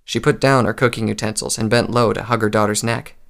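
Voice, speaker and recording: Man, storybook narration, low voice, gravelly, calm and measured.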